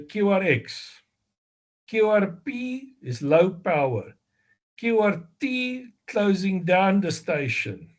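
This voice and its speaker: A man with a South African accent giving a slow, deliberate exam review lecture, explaining step by step with fillers and self-corrections. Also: sits high. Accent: South African English. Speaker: amateur radio exam instructor.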